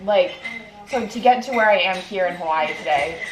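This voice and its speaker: A young woman podcast host with a lowish voice tells a personal story at normal speed, casual and chatty, with lots of "like" fillers. She's indoors in Hawaii, and the recording has a roomy echo with faint noise.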